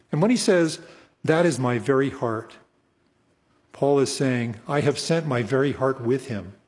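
Man preaching a verse-by-verse sermon, husky, earnest, repeats for emphasis; reverberant hall. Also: mid-range voice, a little mellow. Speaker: pastor. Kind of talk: expository sermon.

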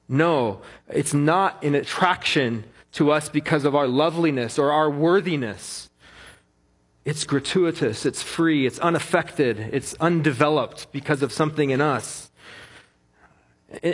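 A man's voice: fairly high pitch, slightly rough. A middle-aged man preaching a sermon as a pastor, earnest and repeating key phrases for emphasis.

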